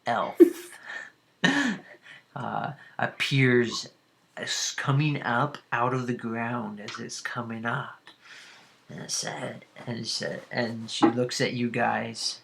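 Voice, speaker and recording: A man narrating as dungeon master, halting with many fillers. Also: mid-range voice, flat delivery, vocal fry, background noise. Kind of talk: narrating a tabletop game.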